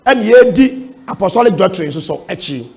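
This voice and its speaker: A man's voice: high voice, expressive, fairly quick, vocal fry, a little mellow. A man with a Ghanaian accent teaching at a church seminar, emphatic and firing rhetorical questions at his listeners. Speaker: preacher answering questions. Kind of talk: seminar teaching in Twi and English.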